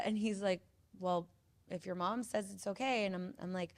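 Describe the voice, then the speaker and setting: A woman in her thirties, a podcast host, telling a lively anecdote in casual chat and acting out the voices of the people in it. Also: mid-range voice, fairly quick. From grew up in the 1990s. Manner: animated storytelling, acts out quoted voices.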